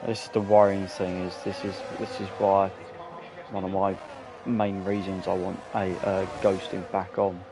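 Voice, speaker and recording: A man's voice: low-pitched, little pitch movement, normal speed. A man co-commentating a live esports race, talking casually and hesitantly, often searching for words. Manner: casual, hesitant, lots of fillers and restarts. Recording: game engine noise behind. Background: racing car engine noise.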